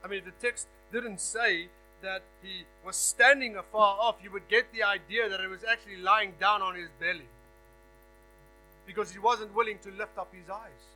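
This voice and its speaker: High, bright-voiced man preaching a sermon. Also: fairly even intonation, moderate pace, low-quality recording. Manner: emphatic, drops to a hush and rises for stress; repeats words as he builds a point. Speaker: guest preacher. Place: church hall. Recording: faint mains hum.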